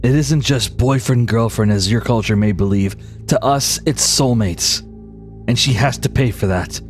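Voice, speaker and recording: A man voicing a stern male tribal leader who speaks gravely. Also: soft background music, natural voice. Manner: low, grave, measured.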